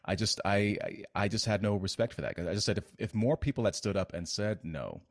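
A man hosting an interview, speaking in a halting way and repeating words as he thinks. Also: fairly low pitch, no room sound, clean studio sound. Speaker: interview host. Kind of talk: conversational interview.

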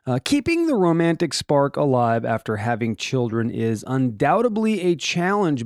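A man hosting a comedic news show, reading odd stories and cutting in with joking asides and rhetorical questions. His voice sits fairly high and swoops up and down a lot. It is recorded dry and close, with no room echo. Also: darkish tone. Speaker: host.

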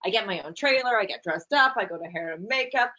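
Chatty, animated woman storyteller. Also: mid-range voice, rough recording. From Canada. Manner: animated, chatty, quick asides. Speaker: actress, guest. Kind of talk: casual interview storytelling.

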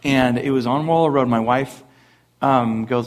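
A young adult man, a pastor, preaching a sermon at a church service, mixing lively family stories and laughter with earnest points. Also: medium pitch, measured pace. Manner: animated, laughing storyteller who then turns earnest. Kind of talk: sermon with humorous storytelling.

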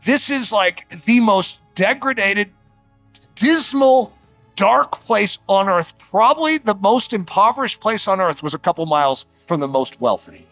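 Man, preacher, sermon, high voice, very animated pitch, emphatic, casual fillers. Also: dry recording, soft background music. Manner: animated, emphatic, with dramatic slowdowns and quiet drops; conversational fillers like "like" and "uh".

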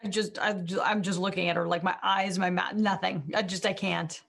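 A woman's voice: fairly low pitch, fairly even intonation, brisk, gravelly, a bit bright. Woman playing a tabletop game. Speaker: player.

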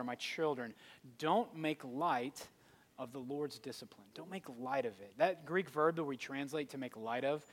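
A man in his thirties preaching a sermon, telling a family story with a lively, conversational delivery. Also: fairly high pitch. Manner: conversational storytelling with rising intensity. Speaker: pastor. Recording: long hall reverb.

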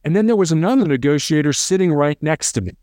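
Man, former hostage negotiator, quick talker, doubled-up restarts, somewhat high voice, dry close sound. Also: animated, darkish tone, no room sound. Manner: fast-talking, repeats words on restarts. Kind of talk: casual interview storytelling.

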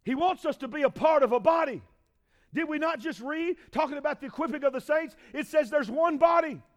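High-voiced preaching pastor, booming and hushed. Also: male voice, fairly quick. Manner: preaching with call-and-response, shouting peaks and dropping low. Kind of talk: sermon.

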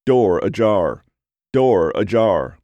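A calm, emotionless female car computer intones its warning, as a male narrator imitates it, slow and evenly spaced. Every word lands in the same flat monotone. The read is dry and close. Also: lowish voice, no room sound, muffled recording.

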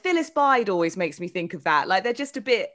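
Female co-host, mid-pitched, bright and chatty, video-call sound. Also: sing-song, fairly quick. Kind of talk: casual chat over video call.

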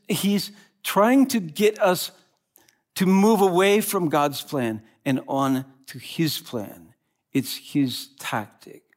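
A man preaching a sermon as pastor, animated and conversational, swinging from loud passages to quiet asides. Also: fairly high pitch.

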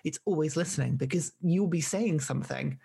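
A man's voice: a little high, brisk, gravelly, warm tone, husky. A man co-hosting a podcast, joking wryly and laughing often in casual chat. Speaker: podcast co-host.

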